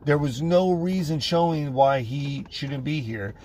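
A man's voice: on the high side, unhurried, a little mellow, slight background noise. A man hosting a podcast, telling a story in a casual, profane way and acting out other people's voices. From United States. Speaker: podcast host.

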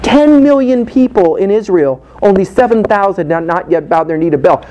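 A man's voice: animated, moderate pace, hardly any pauses, warm tone, a little hiss or hum, poor audio. Fervent preaching man. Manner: fervent, drops low for quoted voices. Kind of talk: impassioned preaching.

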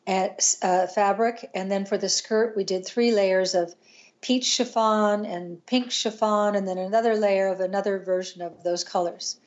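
An older woman, a podcast guest, tells a painful personal story in an earnest, halting way, with restarts and pauses. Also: medium pitch, a little mellow, lo-fi sound.

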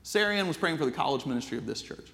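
A man's voice: fairly high pitch, expressive, fast, gravelly, sharp tone, long reverb tail. A man preaching a sermon as pastor, telling stories in an earnest, conversational way. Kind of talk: storytelling sermon.

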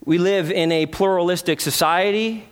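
A man preaching a sermon, earnest, with rhetorical questions and dramatic pauses. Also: sits high. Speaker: pastor.

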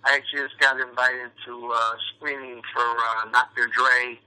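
A man's voice: mid-range voice, level tone, moderate pace, sharp tone, rough recording. A man from New York, an actor guest chatting casually in an interview, rambling with lots of fillers and restarts.

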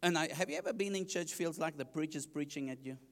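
A man's voice: a little high, quick pace, a bit bright. A man preaching his testimony, telling the story animatedly and acting out his own past reactions. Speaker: evangelist. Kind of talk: sermon testimony. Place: church. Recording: long church reverb.

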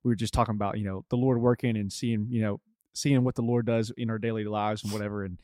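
A man on a podcast talks casually, feeling his way through a thought with many stops and fillers. His voice sits somewhat low and is recorded close and dry. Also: fairly even intonation, fast, a little mellow, no room sound. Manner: hesitant, many fillers and restarts. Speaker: podcast co-host. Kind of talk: casual chat.

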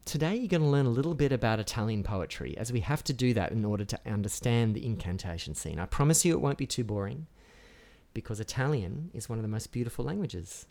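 A man giving a lecture on opera, explaining things clearly and sounding out Italian words slowly and with relish. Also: mid-range voice, a little mellow. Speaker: music lecturer.

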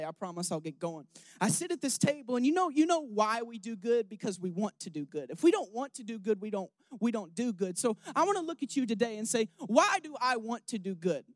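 Preaching with candor, this young man rambles, restarts, and puts questions to his audience, moving from quiet emotion up to loud, stirring calls. His voice sits high, in a dry recording.

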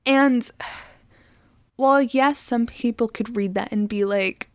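A woman co-hosting a film podcast, retelling scenes in an animated, chatty way with lots of fillers. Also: a little high, slow pace, no echo, studio quality. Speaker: podcast co-host. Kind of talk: casual film discussion.

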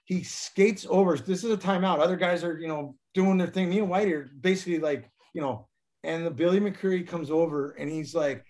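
A man's voice: on the high side, fairly quick, darkish tone. A man, a former pro hockey player, telling rambling stories with laughs and restarts in a casual interview.

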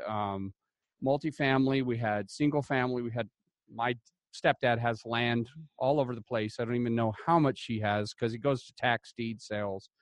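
A man from Utah, a podcast guest, telling stories in a lively, enthusiastic way. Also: medium pitch, no echo. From Utah, United States. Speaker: podcast guest, real estate investor. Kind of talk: casual storytelling interview.

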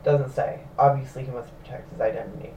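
A man's voice: medium pitch, fairly even intonation, quick pace, warm tone, lo-fi sound. A young man hosting a casual podcast, reading stories aloud with wry asides. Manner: wry, reads stories aloud between jokes. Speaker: host reading news stories. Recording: roomy, distant mic, faint noise.

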